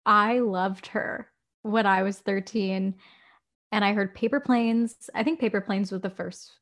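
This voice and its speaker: A woman's voice: mid-range voice, fairly even intonation, measured pace. A young woman co-hosting a podcast in casual, playful chat, laughing often. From parents from India. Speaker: podcast co-host.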